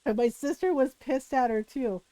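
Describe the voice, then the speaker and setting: A woman's voice: high-pitched, moderate pace, dark tone, no room sound, rough recording. A woman streamer casually telling a family story, chatty and full of "like" and swearing.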